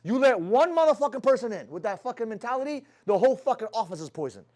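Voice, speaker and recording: Fast-talking, blunt, swearing sales boss. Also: male voice, very high voice, sing-song, darkish tone. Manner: blunt, heavy swearing, rhetorical questions. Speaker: sales team leader. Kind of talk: motivational talk to his team.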